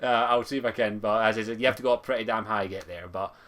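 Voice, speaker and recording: A man's voice: fairly low pitch, racing, fairly bright tone. A man with a Scottish accent, a guest in a casual podcast chat, talking bluntly and swearing freely.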